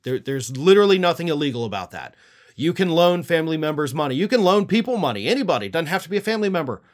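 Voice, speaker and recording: Indignant, lively male political commentator. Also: a little high, fast. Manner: indignant, sarcastic, scornful.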